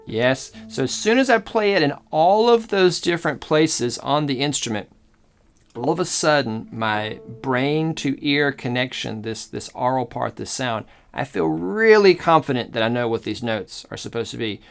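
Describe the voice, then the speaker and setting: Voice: medium pitch, lively intonation, moderate pace, vocal fry, soft background music. A cello teacher giving a demonstration lesson, explaining step by step, thinking aloud and often checking in with the listener. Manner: explanatory, checks in often with "okay?" and "all right?"; thinks aloud and corrects itself mid-sentence. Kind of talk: online music lesson, demonstrating.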